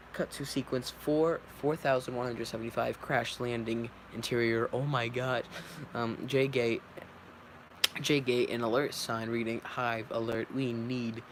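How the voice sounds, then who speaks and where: A man's voice: medium pitch, a little hiss or hum, poor audio. A man reading a film script aloud, stage directions and all, often stumbling and correcting himself. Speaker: script reader. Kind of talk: casual read-through of a film script.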